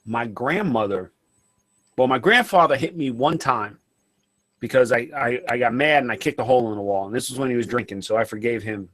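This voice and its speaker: A man co-hosting a casual radio show, telling childhood stories in an animated way and acting out the people in them. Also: mid-range voice, brisk, no room sound. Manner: animated, acts out quoted voices. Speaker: podcast co-host.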